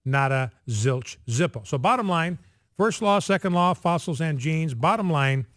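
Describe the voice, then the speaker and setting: A man hosts a talk radio show, driving his points home by repeating them. His voice sits fairly high for a man. The studio sound is dry and close. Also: animated, normal speed, fairly bright tone, no room sound. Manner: emphatic, repeats points for effect.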